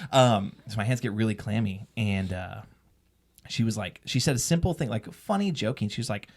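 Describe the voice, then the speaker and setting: A man's voice: lowish voice, animated, normal speed, a little mellow, a little hiss or hum. A man sharing his marriage story in a candid interview, rambling with many restarts. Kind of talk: candid personal testimony in an interview.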